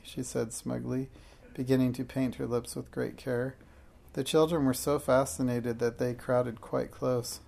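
A man narrating a children's storybook aloud in a measured, expressive way. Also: medium pitch, gravelly.

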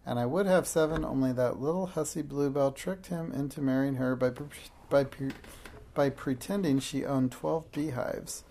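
A man's voice: medium pitch, gravelly, warm tone, a little hiss or hum, lightly acted. A man reading a storybook aloud and voicing a vain, touchy tiny female fairy in a thin, piping voice. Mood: smug, boastful. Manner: boastful and preening, quick to take offence.

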